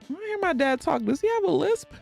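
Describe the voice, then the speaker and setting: A woman's voice: extremely high pitch, animated, fast, vocal fry, a little mellow, soft background music. A woman with a Texan accent and a slight lisp, chatting casually on a live stream and laughing often as she answers her chat.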